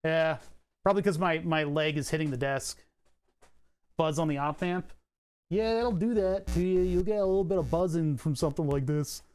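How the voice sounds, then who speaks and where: Higher-pitched rambling young man. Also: moderate pace, a little mellow. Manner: rambling, self-correcting, laughs at himself. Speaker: streamer. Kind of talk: casual live-stream chat while tinkering. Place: home room with acoustic padding. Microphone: condenser mic through a compressor.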